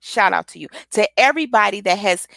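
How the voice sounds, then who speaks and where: A woman giving an energetic motivational pep talk, repeating affirmations with rhythmic call-and-response. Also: mid-range voice, quick pace, creaky, no echo. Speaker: motivational speaker and author.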